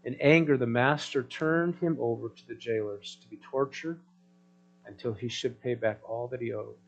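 A man preaching a sermon in a conversational way, checking in with the congregation through rhetorical questions and swinging between loud emphasis and soft asides. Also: mid-range voice, normal speed, creaky, muffled recording, slight background noise. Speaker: pastor.

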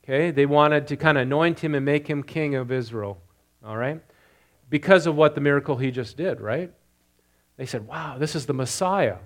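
A male pastor leading prayer and then preaching through a scripture passage, getting louder on the quoted lines and putting questions to his congregation. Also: fairly high pitch, moderate pace. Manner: animated, rising loud on quoted lines, asks congregation questions. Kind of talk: sermon with scripture reading.

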